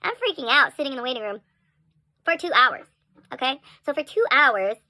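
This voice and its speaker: Telling a story for her laid-back vlog, this young woman is chatty and animated, peppering it with "like" and small giggles. She has a high voice, speaks slightly quickly, and the recording carries no room sound.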